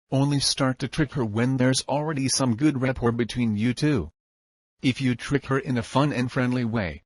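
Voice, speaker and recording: A man reading a self-help audiobook in an even, instructive narration style. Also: mid-range voice, dry recording.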